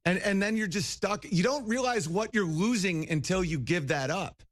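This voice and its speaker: Brief: rambling male comic on a talk show, high voice. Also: normal speed. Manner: loose, rambling, laughing asides. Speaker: comedian guest. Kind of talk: casual interview chat.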